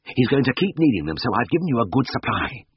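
A man reading aloud, voicing an impulsive, kindly male vet who talks in a flustered, hushed way. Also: mid-range voice, big pitch swings, fast, breathy edge, no echo, muffled recording, voice pushed up, heavily acted. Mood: hushed, anxious.

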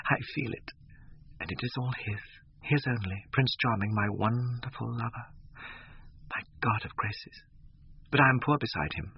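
A man voicing a dreamy, lovestruck young woman actress, gushing with rapture in a husky voice. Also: medium pitch, lo-fi sound.

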